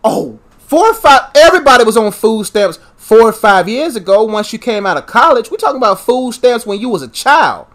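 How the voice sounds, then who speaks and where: A man in casual comedic conversation, telling animated stories and acting out family scenes. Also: high voice, brisk, hardly any pauses. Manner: animated storytelling, acts out his mom and kid self.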